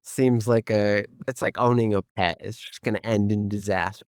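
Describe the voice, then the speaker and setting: A young adult man co-hosting a casual podcast, riffing and joking with quick comebacks. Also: lowish voice, no echo, studio quality. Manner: joking, animated, quick to riff. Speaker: podcast co-host.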